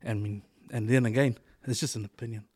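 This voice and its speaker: A man, co-hosting a podcast in casual chat, talking in a relaxed, rambling way with lots of slang. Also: medium pitch, brisk, no room sound, studio quality. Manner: laid-back, rambling, lots of fillers and slang. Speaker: podcast co-host.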